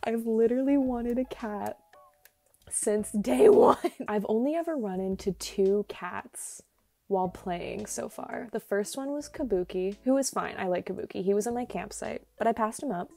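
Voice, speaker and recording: A young woman giving excitable, laughing commentary while playing a video game late at night, recorded on earbuds at home. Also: moderate pace, creaky. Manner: excitable, laughing, big pitch jumps and squeals. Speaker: gaming YouTuber. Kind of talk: casual gameplay commentary. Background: faint game music.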